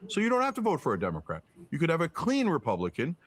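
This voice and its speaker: A man's voice: fairly high pitch, huge pitch swings, quick pace. A man giving heated, profane political commentary as a podcast guest, firing off rhetorical questions. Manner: emphatic, profane, rhetorical questions, mocking put-on quotes.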